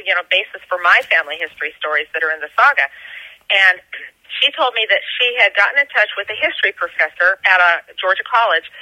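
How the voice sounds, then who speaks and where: An author chats with a very bright, sharp tone in an animated, storytelling manner. Her voice sits dry and close with almost no room sound. She talks about her work like an eager woman guest on an interview show. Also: medium pitch, no room sound, low-quality recording. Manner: enthusiastic, storytelling. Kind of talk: conversational interview. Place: Georgia, USA.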